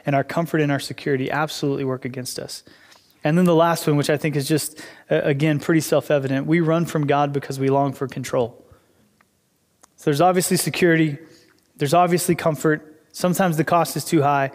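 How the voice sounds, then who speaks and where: A man's voice: fairly high pitch, steady tone, a little fast. A young adult male pastor preaching a casual, conversational sermon, acting out inner dialogues with God, in a church hall.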